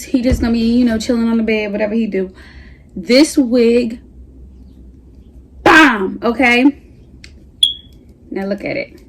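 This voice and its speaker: A young woman talks to camera from home, hyped and slangy. Her voice sits a touch high, and she sounds a little out of breath as she chats through a wig review. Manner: chatty, slangy, hyped and animated. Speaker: beauty vlogger. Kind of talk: casual hair review vlog.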